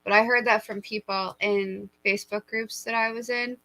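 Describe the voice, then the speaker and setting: A woman's voice: mid-range voice, fairly even intonation, moderate pace, pushed and bright, no echo. A woman speaking as a guest on an online panel, candid and joking about her own stories. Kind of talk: casual panel chat.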